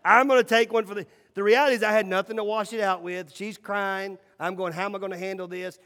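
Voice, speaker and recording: A middle-aged man preaching a sermon, telling stories and swinging between loud and hushed lines. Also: high voice, fairly even intonation, quick pace. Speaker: pastor. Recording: echoey hall reverb.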